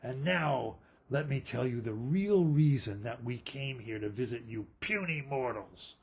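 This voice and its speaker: Man voicing a husky, pompous god-king, low and menacing, storybook telling. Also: expressive, a little slow. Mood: haughty. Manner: pompous, threatening. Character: boastful male king of the gods.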